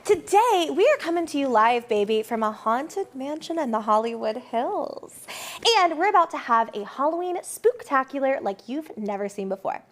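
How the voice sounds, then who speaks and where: A bubbly woman hosts a live online show in an upbeat, scripted way, laughing often. Her voice sits high and swings widely in pitch. It has the bright lilt of a party host. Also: sing-song, normal speed. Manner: bubbly and giggly, lots of laughter. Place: mansion.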